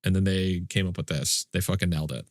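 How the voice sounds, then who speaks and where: Talking fast in a deep voice, this male streamer jokes around with his audience during a live game session, griping in mock indignation and cursing without restraint. The studio-quality recording has no echo.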